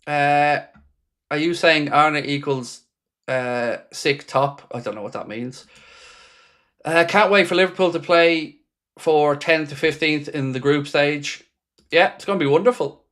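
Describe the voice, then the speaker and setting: Speaking a little slowly in a slightly high, somewhat bright voice, a man hosts a live football watchalong. He responds to the viewer messages he reads out with dry, sarcastic fan commentary.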